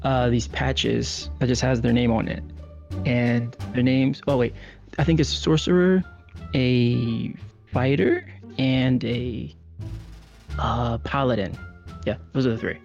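A player with a gravelly voice talks very slowly while describing characters. The delivery is halting and deadpan. The audio is dull and lo-fi. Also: medium pitch, faint music behind. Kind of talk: describing characters in casual chat. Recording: dull lo-fi sound.

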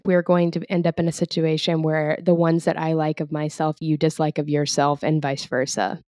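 A woman's voice: deep voice, level tone, normal speed, no room sound, studio quality. A woman co-hosting a podcast, talking candidly and reflectively in a casual chat. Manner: reflective, candid, soft-spoken. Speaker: podcast co-host.

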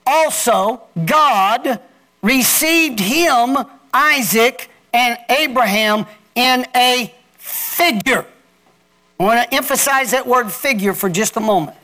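A man's voice: very high-pitched, sharp tone. A male pastor preaching a sermon, calling on the congregation to repeat after him. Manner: preaching with call-and-response to the congregation.

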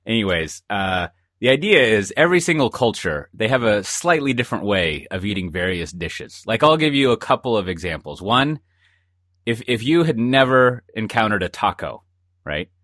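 A man's voice: on the low side, very animated, moderate pace, a bit bright, no echo, clean studio sound. A man co-hosting a podcast in casual chat, telling rambling, jokey stories full of asides. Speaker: podcast co-host. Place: lives in Texas.

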